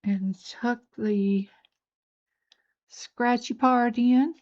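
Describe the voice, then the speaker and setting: A woman's voice: fairly high pitch, steady tone, extremely slow, a little mellow, muffled recording. An older woman with a Southern accent, chatting folksily as she demonstrates jewelry making. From North Georgia. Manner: folksy, chatty, talks while working. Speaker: beading channel host. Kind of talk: crafting tutorial narration.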